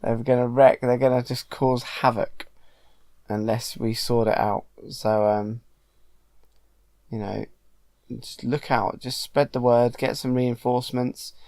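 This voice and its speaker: A man's voice: medium pitch, flat delivery, unhurried, darkish tone, dry recording, natural voice. A dad voicing a pleading young man. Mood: urgent.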